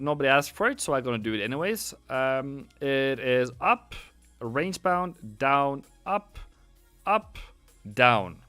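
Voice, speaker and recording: Tired male trading host, smooth clear voice, repetitive buy-sell calls, apologetic, faint music behind. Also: mid-range voice, sing-song, takes it slowly, sharp tone, no echo. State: worn out. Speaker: trading educator. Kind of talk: casual live-stream chart commentary.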